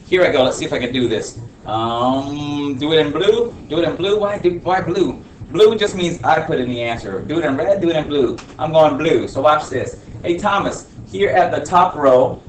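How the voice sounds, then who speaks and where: Jokey guy teaching math, voice a bit high, mic kinda far off in an echoey room. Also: slight background noise. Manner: goofy, jokey, talks to viewers while writing. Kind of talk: screen-recorded math lesson.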